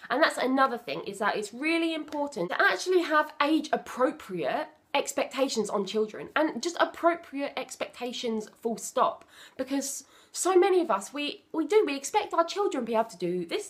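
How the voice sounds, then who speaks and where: A young woman with a British accent talks straight to camera about raising children. Her voice sits a little high, and her delivery is earnest and full of restarts and repeated phrases. She slips into short spoken examples of what a parent or child might say. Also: fairly bright tone. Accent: British English. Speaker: parenting vlogger. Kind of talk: casual talk to camera.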